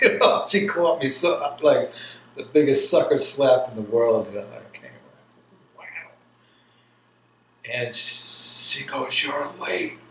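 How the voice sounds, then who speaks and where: A man's voice: mid-range voice, a bit bright. A man in his sixties from New York, an army veteran telling his life story in an oral history interview, rambling and laughing as he goes. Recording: roomy with faint background hiss.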